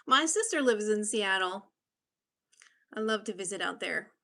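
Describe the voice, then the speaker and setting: A woman's voice: mid-range voice, animated, unhurried, creaky, bright, forceful tone. A woman from Massachusetts hosting her first livestream, chatting casually and greeting viewers by name in an upbeat way. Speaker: livestream host. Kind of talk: casual live-stream chat.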